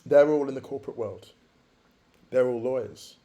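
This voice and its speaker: A man's voice: medium pitch, moderate pace, dark tone. A man around forty, a podcast guest, reflectively telling his life story and repeating phrases for emphasis.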